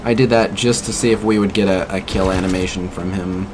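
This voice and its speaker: A man's voice: deep voice, fairly even intonation, a little fast, background noise. A man streaming a mobile game, chatting casually and critiquing what he sees while answering viewers. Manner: chatty, mildly critical, reacts to viewer chat. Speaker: gaming streamer. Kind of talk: casual gameplay commentary.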